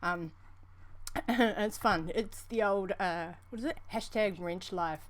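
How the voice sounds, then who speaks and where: New Zealand woman, livestream co-host, rambling, affectionate, mid-pitched. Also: takes it slowly. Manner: rambling, chatty, calls people honey, laughs often. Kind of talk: casual livestream chat.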